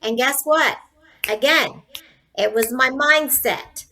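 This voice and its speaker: Slow-talking woman in her sixties. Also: high voice, bright, forceful tone, rough recording. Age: 60s. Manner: earnest, faith-filled, candid. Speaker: guest, nurse and entrepreneur. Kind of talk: interview storytelling.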